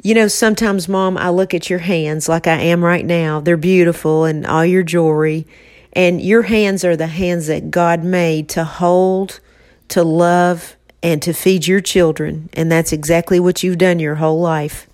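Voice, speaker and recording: A woman co-hosts a casual chat from an office, her voice sitting a little low. She talks with affection and emotion and slips in gentle teasing. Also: fairly even intonation, a little slow. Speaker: podcast co-host.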